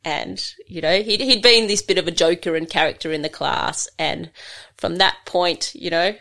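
An Australian woman, a livestock handling trainer, telling stories in a relaxed, rambling way with many fillers. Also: low voice, gravelly. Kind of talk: conversational storytelling.

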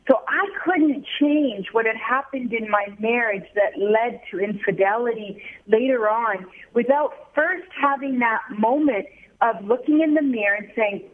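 A woman's voice: a little high, measured pace. Woman guest by phone, earnest and explanatory, tinny line, faint hiss. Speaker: guest author and counselor. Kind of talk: interview answers.

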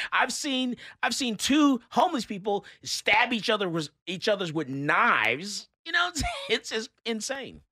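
A man hosting a casual talk show, telling animated stories and giving blunt opinions. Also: sits high, unhurried, dry recording, clean studio sound. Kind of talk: casual talk radio chat.

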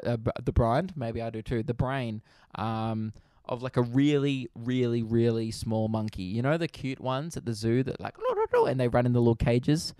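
Profane Australian comedian ranting dryly. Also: male voice, mid-range voice, dry recording, clean studio sound. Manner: animated, profane, conversational. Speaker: comedian podcast host. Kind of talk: casual comedic rant.

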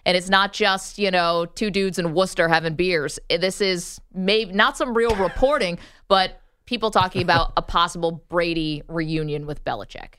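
An opinionated woman co-hosting a sports talk show, pressing her football arguments in casual debate. Her voice sits a touch low and sounds smooth and dry, close to the mic. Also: fairly even intonation, moderate pace, hardly any pauses, a bit bright, no echo. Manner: opinionated, argues points with laughs.

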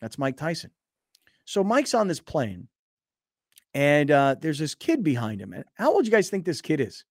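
A man hosting a sports radio show, telling stories in an animated way and acting out the scenes. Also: a little high, moderate pace, dry recording, studio quality. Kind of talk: casual sports talk.

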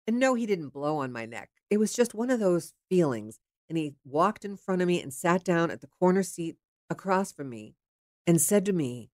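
A frank, chatty woman from the Pittsburgh area tells a personal story with a lively, swooping delivery. Her voice sits fairly low for a woman, and the sound is close and dry. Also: normal speed, no room sound. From Pittsburgh area, USA. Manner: frank, chatty, occasional swearing. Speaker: storyteller sharing her dating life.

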